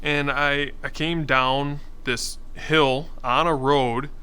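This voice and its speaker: A man's voice: a little high, steady tone, slow, pushed and bright, smooth. A man chatting on a podcast, recounting events in a laid-back, matter-of-fact way. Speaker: podcast co-host. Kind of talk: casual chat.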